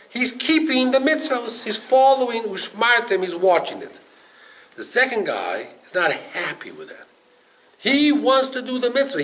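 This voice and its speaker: An older man, a rabbi, teaches a Torah class, mixing Hebrew and Yiddish terms into animated stories and acting out the voices of the people in them. His voice sits high, and the recording is low quality.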